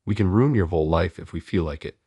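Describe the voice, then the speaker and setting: A man's voice: low-pitched, fast talker, warm tone, breathy edge, no echo. A man reading taunting young thugs. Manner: taunting, insulting. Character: three rude young male thugs.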